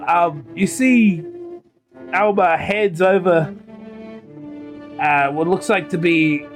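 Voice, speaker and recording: A man narrating a tabletop game as game master, often halting with fillers. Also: sits high, soft background music.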